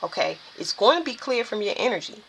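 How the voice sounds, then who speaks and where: A woman delivers a spiritual tarot reading straight to her viewers. She talks in an emphatic, preaching way, with a bright, ringing tone over a faint hiss. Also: medium pitch, big pitch swings, fast talker, gravelly.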